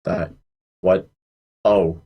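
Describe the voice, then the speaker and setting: A man's voice: sits low, fairly even intonation, drawn-out words, gravelly, slightly rough, dull audio. A man playing a tabletop game, talking in a hesitant, apologetic way. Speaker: player. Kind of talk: in-character tabletop play.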